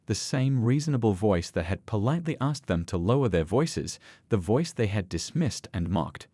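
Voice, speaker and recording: A man reading a scripted dramatic story as narrator, with a steady storytelling delivery. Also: lowish voice, normal speed, slightly rough, no echo.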